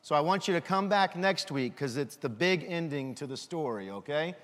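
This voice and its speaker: A man giving a children's sermon, lively and full of questions for the kids. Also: on the high side, moderate pace, big-room sound. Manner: animated, asks children questions.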